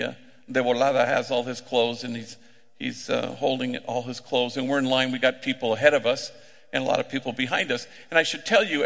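A middle-aged man, a priest, preaching a sermon through unhurried, conversational stories, slipping in Spanish slang. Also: mid-range voice, a bit bright. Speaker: priest working with gang members. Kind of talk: sermon with storytelling. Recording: echoey hall with long reverb.

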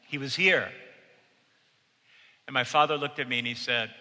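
A man's voice: medium pitch, normal speed, long pauses, sharp tone. A man from New delivering a sermon, telling a personal story in an earnest, storytelling manner. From United States. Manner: storytelling, earnest, quotes with raised voice. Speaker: preacher. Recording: long reverb of a large hall.

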